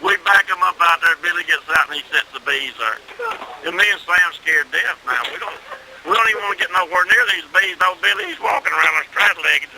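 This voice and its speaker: A man's voice: high-pitched, quick pace, a little hiss or hum, rough recording. A middle-aged man, telling a rural story in a salty, folksy way, with plenty of cussing. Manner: salty rural storytelling, cussing, grows loud and excited with laughs.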